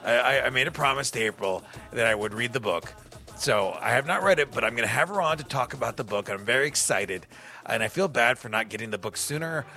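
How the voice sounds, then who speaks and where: A man's voice: mid-range voice, lively intonation, brisk, bright, forceful tone, soft background music. A man hosting a radio show, chatting casually and rambling between songs with self-deprecating asides. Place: radio studio.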